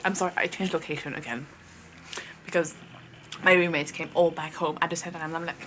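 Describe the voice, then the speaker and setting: A young woman vlogging at home, telling a story in a rambling, animated way full of fillers. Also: low-pitched, fast, slight background noise. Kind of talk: casual storytime chat to camera. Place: at home, moving between rooms.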